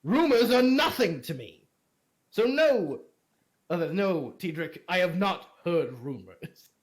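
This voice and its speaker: A man voicing a gruff older military lord who is blunt, contemptuous and swears freely. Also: high voice, very animated, takes it slowly, exaggerated voice. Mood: haughty.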